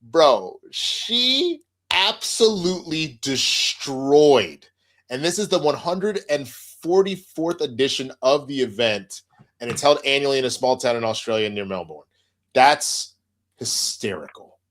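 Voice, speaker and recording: A man's voice: mid-range voice, a little fast. A man co-hosting a casual podcast, reading sports stories aloud and joking with his co-host. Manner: reads news aloud, joking banter.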